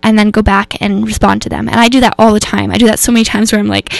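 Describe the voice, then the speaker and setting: A woman's voice: on the high side, steady tone, quick pace, vocal fry, hardly any pauses, no room sound. A woman hosting a radio show, talking in a rambling, earnest way about coping with emotions, full of fillers and self-corrections. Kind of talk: casual spoken reflection on mental health. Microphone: radio studio microphone.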